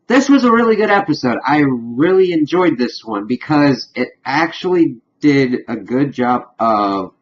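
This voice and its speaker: A man talks through a TV episode in a loose, chatty recap at a mid pitch. He keeps slipping into brief acted-out asides. The recording sounds dull and lo-fi. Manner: chatty, retells scenes with quick acted-out asides. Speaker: TV episode reviewer. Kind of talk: casual recap vlog.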